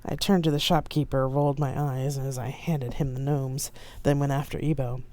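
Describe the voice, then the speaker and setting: A woman author reading her own novel aloud on a live stream in steady storybook narration. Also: rumbling low, normal speed, no echo.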